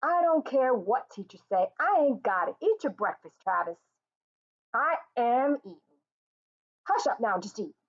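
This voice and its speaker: A woman reading as a sharp-tongued tired mother. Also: on the high side, sing-song, unhurried, pitched above the performer's own voice, heavily acted. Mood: scolding. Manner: scolding, blunt, impatient. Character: weary, sharp-tongued young mother and wife. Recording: tinny phone-like sound.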